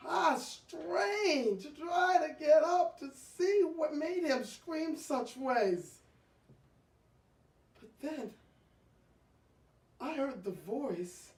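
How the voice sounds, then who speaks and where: A woman telling a comic story in the first person, stammering and breaking into loud, indignant outbursts. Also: high voice. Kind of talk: comic monologue. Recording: echoey room from far off.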